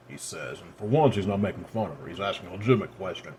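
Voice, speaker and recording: A man narrating a dark fantasy story in a soft, low-key reading voice. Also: animated, fast talker, slight background noise.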